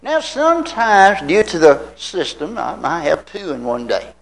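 Older male preacher in his seventies, from Tennessee; folksy storyteller, high and animated voice, asks his congregation questions. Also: measured pace, vocal fry, rough recording. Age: 70s. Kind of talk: anecdotal sermon.

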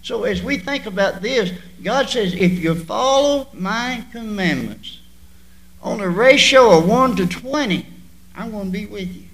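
A man preaching a sermon to his church, with sudden loud bursts and drawn-out emphasis. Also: high-pitched, animated, low-quality recording. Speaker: pastor.

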